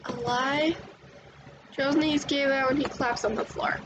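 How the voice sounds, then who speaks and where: A young woman reading several roles in an amateur fan dub, with quick reactive lines and frequent swearing. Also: high voice, steady tone, noisy background.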